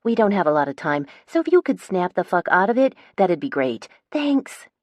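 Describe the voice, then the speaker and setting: A woman's voice: fairly low pitch, sing-song, normal speed, a little mellow, no echo. A woman voicing a petite, feisty young woman who swears and hurries her groggy companion in an audiobook. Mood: impatient. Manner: brash, impatient, sarcastic. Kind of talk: audiobook character voice.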